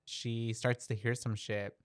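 A man's voice: mid-range voice, little pitch movement, a little slow. Easygoing man recapping a film. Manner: loose, swears, lots of "like" and "yeah". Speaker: podcast co-host. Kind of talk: casual movie recap chat.

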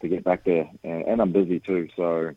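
Low-voiced New man on a phone line. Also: normal speed, no room sound. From New Zealand. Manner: relaxed, many fillers and restarts. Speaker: radio guest, sports coach. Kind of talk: phone interview.

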